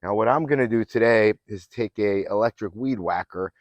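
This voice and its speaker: Speaking at normal speed in a voice on the low side, a man coaching fitness and mindset gives an earnest, affirming motivational self-help talk. He sometimes rambles and restarts, and the recording is dry and lo-fi.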